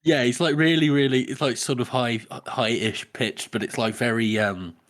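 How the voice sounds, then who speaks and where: A man's voice: mid-range voice, fairly even intonation, moderate pace. A man co-hosting a casual book podcast, laughing mid-sentence and swearing casually. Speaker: podcast co-host.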